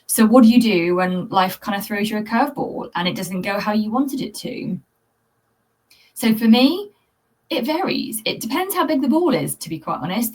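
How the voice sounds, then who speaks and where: A woman hosting her own vlog, talking candidly and earnestly to viewers about a hard time. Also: fairly high pitch. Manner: earnest, confiding, addresses viewers directly; conversational with fillers and restarts. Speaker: channel host, cat anxiety coach. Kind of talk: candid personal vlog talk to camera.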